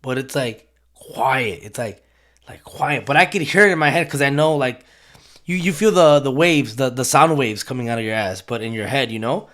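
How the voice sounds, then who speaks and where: A man's voice: medium pitch, animated, brisk, fairly bright tone. A young man telling a rambling, profane story in a casual way, slipping into Spanish phrases.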